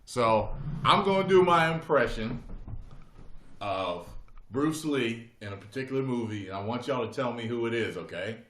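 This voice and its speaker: A man's voice: mid-range voice, lively intonation, moderate pace, fairly bright tone. A man hosting a casual live stream, jokey and slangy, teasing his viewers.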